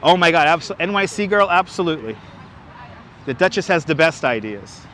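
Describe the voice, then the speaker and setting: His voice is a little high, animated and sharp, moving at a fairly quick clip. He's a man hosting a casual outdoor walking livestream in the city through a wireless clip-on mic, enthusiastically chatting, greeting viewers by name and reading their comments aloud. Slight background noise is present.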